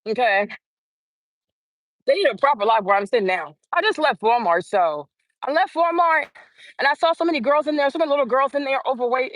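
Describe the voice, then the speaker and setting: High-voiced woman in her forties ranting. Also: no room sound. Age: 40s. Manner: blunt, animated, repeats phrases for emphasis. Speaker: live stream host. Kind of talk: casual live-stream rant.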